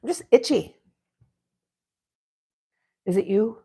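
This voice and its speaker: A woman's voice: fairly high pitch, expressive, slow pace, dark tone, slightly rough. A woman hosting a casual live chat from home, chatting along and playfully scolding her dogs. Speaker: livestream host.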